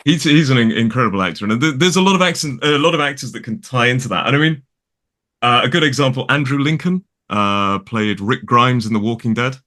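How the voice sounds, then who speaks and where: A middle-aged British man from the United Kingdom, an English teacher appearing as a guest, chats at length, wandering between points with many fillers and restarts. His ordinary-pitched voice has a bright, forward edge, and he sounds expressive and a little fast.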